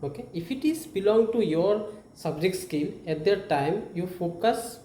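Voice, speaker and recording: A man's voice: high-pitched, animated, measured pace, warm tone, echoey room, slight background noise. A man with an Indian English accent gives informal advice on job interviews, repeating points, often saying "okay" and restarting his sentences. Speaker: career coach.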